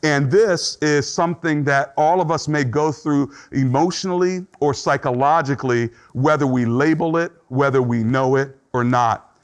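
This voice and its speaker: A middle-aged male pastor delivering a sermon with a voice pitched a little above the usual for a man. He speaks in an earnest, conversational way and slips into short acted-out quotes to make his points. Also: moderate pace.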